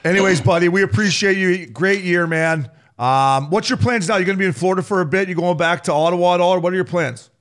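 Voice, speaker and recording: A podcast co-host, a man who spins stories in loose, profane banter and laughs his way through them. His voice sits on the high side for a man. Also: quick pace, few pauses, fairly bright tone. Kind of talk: casual storytelling chat.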